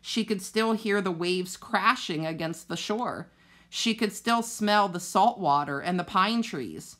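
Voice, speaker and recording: A woman teacher reads a children's novel aloud with steady, even storytelling. Her voice sits at a middling pitch, neither high nor low. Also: measured pace.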